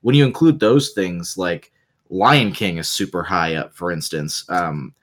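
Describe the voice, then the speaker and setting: Lower-voiced guy on a podcast, chatty and excitable, trips over his words a lot. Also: a little slow. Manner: animated, stammering restarts, fond of caveats. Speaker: podcast co-host. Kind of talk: casual chat.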